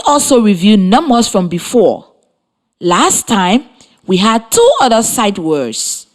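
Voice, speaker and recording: With a mid-range voice and large pitch swings, a Liberian woman teaches reading over the radio. She keeps her pace slow and her words clear, encouraging the children through questions.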